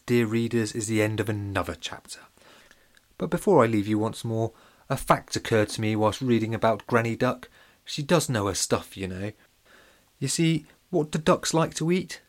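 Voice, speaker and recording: A man reads a children's storybook aloud with a playful, animated lilt. His voice sits on the low side. He talks straight to his young listeners. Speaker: narrator. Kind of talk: children's audiobook reading.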